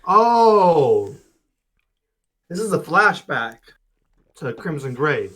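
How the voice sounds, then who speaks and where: A man's voice: a little high, sing-song, very slow, fairly bright tone, husky, low-quality recording. A man streaming, reading a visual novel aloud with casual joking asides to chat. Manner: casual, joking asides between narrated lines.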